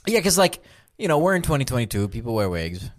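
A man at a mid, ordinary pitch tells rambling anecdotes in casual podcast chat. His stories are loose, full of restarts and swearing. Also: sing-song, quick pace. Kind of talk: casual storytelling.

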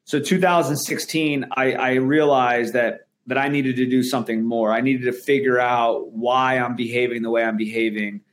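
A man's voice: mid-range voice, steady tone, moderate pace, few pauses. Male guest; earnest, emphatic talker with frequent restarts. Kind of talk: candid interview conversation.

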